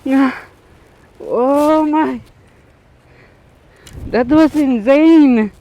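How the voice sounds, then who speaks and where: A man doing live fishing commentary for his vlog, excitable and shouting exclamations. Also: very high-pitched, very slow, muffled recording. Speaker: fishing vlogger.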